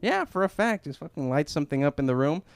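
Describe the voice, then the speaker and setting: A man's voice: fairly high pitch, sing-song, fast talker, gravelly, clean tone, no echo. A male comedian delivering a stand-up set, punchy and self-deprecating, acting out little characters. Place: small comedy club stage.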